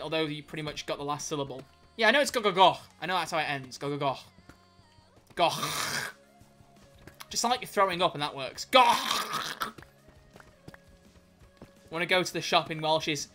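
Male streamer, bright, sharp voice, joking and swearing over faint music. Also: fairly high pitch. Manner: joking, swearing, quick self-corrections. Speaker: livestreamer. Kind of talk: casual stream chat, reading chat aloud.

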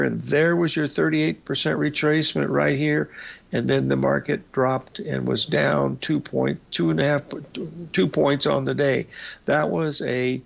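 A male radio host giving casual market commentary over charts, folksy and rambling, with a raspy voice and lots of "uh" and "folks". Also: on the high side. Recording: slightly dull lo-fi broadcast audio.

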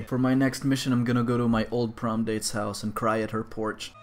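A young man giving jokey gameplay commentary who keeps breaking into loud yelps. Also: medium pitch, level tone, a little fast, few pauses, a little hiss or hum. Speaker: gaming video host.

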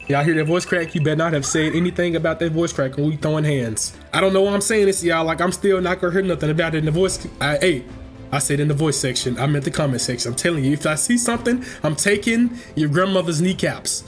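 A man's voice: a little high, a little fast. Trash-talking man narrating gameplay over music. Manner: playful trash-talking, slangy, jokes to viewers. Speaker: gaming channel host. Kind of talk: live gameplay commentary.

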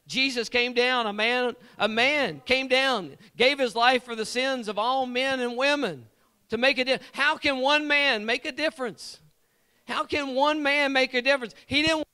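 Male lay preacher with a smooth, resonant, bright voice, preaching a fervent and repetitive sermon in a church and calling on congregants by name. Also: extremely high pitch. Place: church sanctuary.

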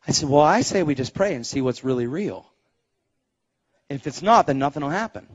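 A man preaching a testimony sermon, telling stories with loud exclaims and quiet asides. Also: brisk. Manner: animated storytelling, swings between loud exclaims and low asides. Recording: dull lo-fi live recording.

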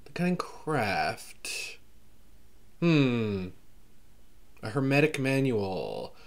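Medium in pitch with a creaky quality, this man's voice carries a mild Southern lilt as he vlogs through a book catalog. Skimming blurbs aloud with plenty of filler, he gets animated and exclaims, pausing here and there to cough from his allergies.

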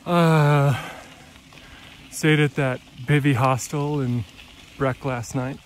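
A man's voice: medium pitch, fairly even intonation, takes it slowly, noisy background. A man vlogging outdoors on a mountain pass, talking candidly and hesitantly, with many fillers and restarts. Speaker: bikepacking vlogger. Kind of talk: casual self-filmed vlog.

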